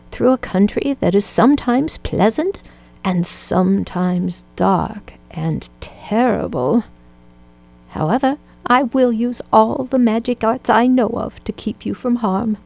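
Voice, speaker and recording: Gentle old good witch, slow and solemn with a gravelly edge, played by a woman reading a storybook. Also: mid-range voice. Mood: kindly.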